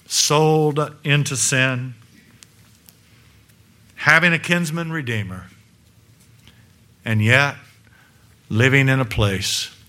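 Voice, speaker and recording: Emphatic preacher man with rhetorical questions. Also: mid-range voice. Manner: emphatic, rhetorical questions, swings between loud and hushed. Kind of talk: sermon. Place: church room before a congregation.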